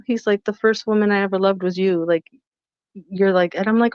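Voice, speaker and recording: A middle-aged woman co-hosting a podcast, telling animated stories about her son and quoting what each of them said. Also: mid-range voice, brisk, no room sound. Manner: animated storytelling, quotes herself and her son. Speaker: podcast co-host. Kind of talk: casual chat. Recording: dull lo-fi podcast mic.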